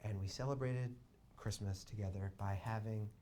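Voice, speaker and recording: A young man doing stand-up storytelling in a small theater, swinging between quiet asides and loud excited bursts. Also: on the low side, normal speed, a little hiss or hum. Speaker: comedian.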